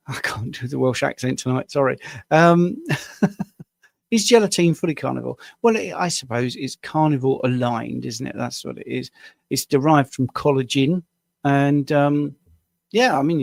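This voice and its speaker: A man's voice: mid-range voice, creaky, dry recording, studio quality. A man from the UK, a health coach, answering viewer questions on a live stream in a casual, rambling way with small self-deprecating laughs, tired after a long day at the screen. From United Kingdom.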